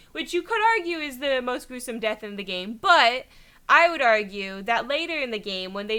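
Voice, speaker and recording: Young woman streamer, chatty, giggly, bright high voice, desk mic. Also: smooth. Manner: chatty, laughs often. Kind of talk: casual let's play commentary.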